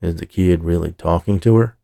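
Crooked cop voiced by a male narrator, gravelly menace, deep and husky. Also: fairly quick, dark tone, no room sound, clean studio sound. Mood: scornful. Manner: low gravelly threatening tone. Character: menacing crooked police officer, man.

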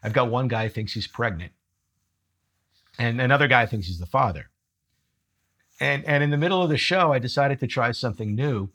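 Middle-aged man telling animated stories. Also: medium pitch, moderate pace, pauses often. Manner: animated storyteller who laughs at his own jokes. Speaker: guest, coach for leaders. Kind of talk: storytelling conversation.

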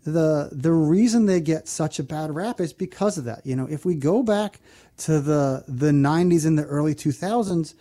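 A man hosts a radio finance show in an earnest, explanatory manner. His voice sits a bit high for a man, yet it sounds mellow and soft-edged. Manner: earnest, explanatory, repeats phone number slowly. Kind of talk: radio talk show advice.

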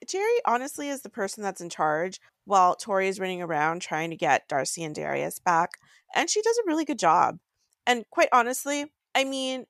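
A woman co-hosting a book podcast in casual chat, with a deadpan delivery. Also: medium pitch, no echo, studio quality.

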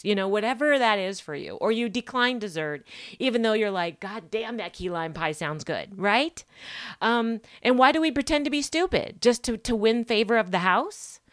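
A woman's voice: medium pitch, dry recording, studio quality. A woman hosting a solo podcast, talking emphatically and stacking rhetorical questions with frequent "right?" tags. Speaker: podcast host.

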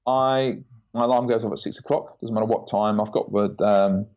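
Brief: male guest, 40s, deep-ish voice, muffled lo-fi audio, chatty storyteller who does voices. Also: normal speed. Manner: animated storyteller, acts out quoted voices. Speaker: podcast guest, branding consultant. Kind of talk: casual interview chat. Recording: dull lo-fi audio.

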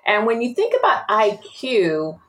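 A woman's voice: medium pitch, unhurried. A woman speaking as a guest expert on emotional intelligence in an interview, telling vivid stories and acting out examples. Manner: animated storyteller acting out examples. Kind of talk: interview conversation.

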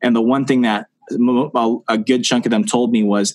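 A man's voice: mid-range voice, fairly even intonation, normal speed, few pauses, darkish tone. A man speaking as a podcast guest in casual conversation, earnest and repeating phrases for emphasis.

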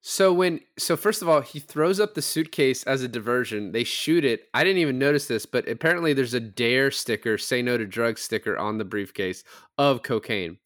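A man with a mid-range voice speaks briskly, barely pausing, as he hosts a podcast. In a casual film review chat he animatedly recaps scenes, acting out the quoted lines in different voices.

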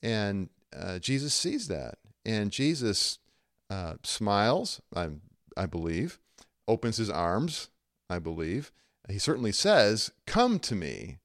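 Lively low-voiced male podcast host. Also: takes it slowly, no room sound, clean studio sound. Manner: animated storytelling, acts out quoted voices. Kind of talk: conversational faith podcast.

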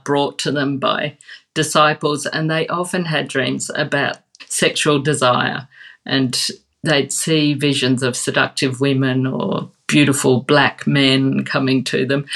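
A woman being interviewed tells stories in an animated way and laughs often. Her voice is bright and clear. She talks in a relaxed, conversational manner. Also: very deep voice. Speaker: guest expert.

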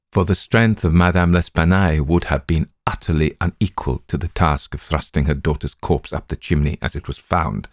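A methodical, unhurried detective, read by a man with a low, deep voice, laying out his deductions step by step. The sound is dry and close, with no room around it. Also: dry recording. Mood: calm. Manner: measured, deliberate reasoning. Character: calm, methodical male detective reasoning aloud. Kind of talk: audiobook reading.

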